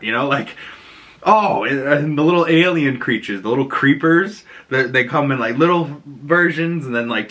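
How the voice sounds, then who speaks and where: A man's voice: mid-range voice, pushed and bright. A young man casually reviewing a movie, chatty and rambling, laughing at his own jokes.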